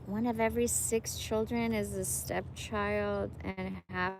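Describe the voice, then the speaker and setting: Woman reading aloud slowly over traffic noise. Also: medium pitch, little pitch movement, creaky. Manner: earnest, deliberate reading with small stumbles. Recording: noisy background with vehicle sound.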